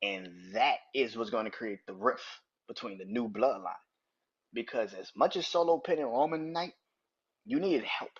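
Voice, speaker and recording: A man hosting a casual wrestling review podcast, talking in a profane, rambling way with quick restarts. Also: mid-range voice, slightly rough, highs cut off. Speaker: podcast host.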